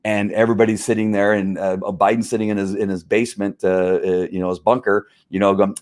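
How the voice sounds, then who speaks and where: A man's voice: fairly low pitch, little pitch movement, a little fast, hardly any pauses. Fired-up man talking police training. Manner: earnest, fired-up, many restarts and fillers. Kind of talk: live-streamed casual talk.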